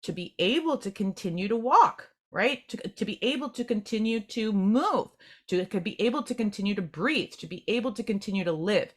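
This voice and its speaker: A woman giving a channeled group tarot reading, gentle and meandering, often restarting and repeating words as she speaks. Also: medium pitch, lively intonation, moderate pace, hardly any pauses. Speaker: tarot reader.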